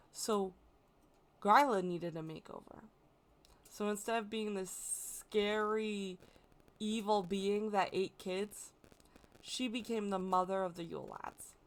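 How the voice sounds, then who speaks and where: Chatty American woman explaining folklore. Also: mid-range voice. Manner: chatty, self-correcting, playful asides. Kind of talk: casual educational talk.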